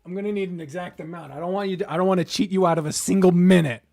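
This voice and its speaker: A woman's voice: on the low side, fairly even intonation, rapid-fire, vocal fry, mellow, no room sound, soft background music. A woman streamer and game master in casual livestream chat, giddy and laughing often, swearing and stumbling as she works through math aloud.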